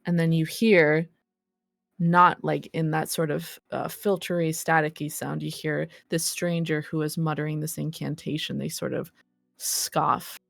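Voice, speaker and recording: A woman narrating as game master of a tabletop role-play, deliberate and unhurried with occasional fillers. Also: deep voice, little pitch movement, vocal fry, no echo, soft background music.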